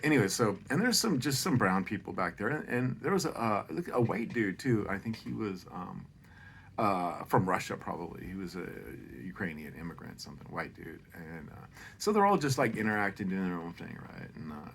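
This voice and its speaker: A man's voice: low voice, slight background noise. A middle-aged man telling a holiday story in a rambling, profane, self-deprecating way, often drifting off on tangents.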